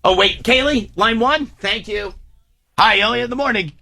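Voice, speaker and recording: A man hosting a morning radio show, bantering excitedly and joking with his co-hosts. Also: sits high, normal speed, gravelly, dry recording. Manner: animated, excitable, jokey. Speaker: radio host. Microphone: studio microphone.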